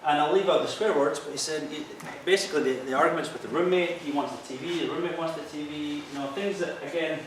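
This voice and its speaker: A police officer gives an earnest, explanatory training talk to an audience, walking listeners through stories from his calls. His voice is on the high side and he talks fast with few pauses. The mic is far off in an echoey hall, with a little hiss or hum.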